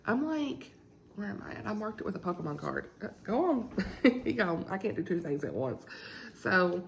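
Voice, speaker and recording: Chatty woman with gravelly voice. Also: sing-song, a little fast, darkish tone, slight background noise, low-quality recording. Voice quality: deep morning voice. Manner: chatty, rambling, laughs often. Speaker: book vlogger. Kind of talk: casual chat. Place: at home.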